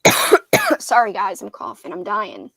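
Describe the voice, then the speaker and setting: Chatty young woman, higher voice. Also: expressive, normal speed, no echo. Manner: chatty, giggly, reads viewer comments aloud. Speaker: booktube livestream host. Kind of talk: casual livestream chat.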